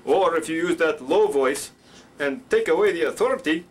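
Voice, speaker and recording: A man's voice: on the high side, animated, normal speed. A man teaching puppet voices in a rambling, playful way. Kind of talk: instructional puppet show.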